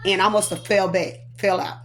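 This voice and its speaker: A woman's voice: medium pitch, little pitch movement, moderate pace, fairly bright tone. A woman, a prophetess, telling her personal testimony with earnest emotion, recounting it through quoted dialogue.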